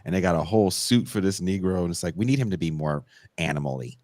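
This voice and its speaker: Deep-voiced laid-back male podcast host. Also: fast, darkish tone, dry recording, studio quality. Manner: laid-back, laughs often, profane. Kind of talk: casual podcast chat.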